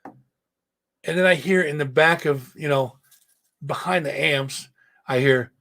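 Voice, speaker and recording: A man with a voice pitched a bit above the usual, hoarse and rough at the edges. He hosts a casual live stream, rambling through a profane story and breaking off to answer his chat. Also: slow, sharp tone. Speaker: host.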